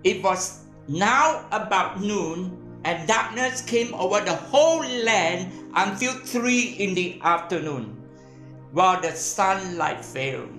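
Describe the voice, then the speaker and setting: A woman preaching a sermon in short, measured phrases, pausing for an interpreter. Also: mid-range voice, animated, a bit bright, roomy sound, soft background music.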